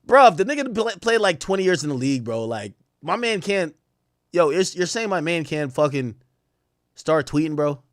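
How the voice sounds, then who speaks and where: A young man streaming live, trash-talking basketball players in a loud, profane, excitable way, his voice jumping up and down. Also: moderate pace, faint music behind. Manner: loud, profane trash talk with sudden jumps in pitch and volume. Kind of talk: casual live-stream commentary reacting to chat and posts.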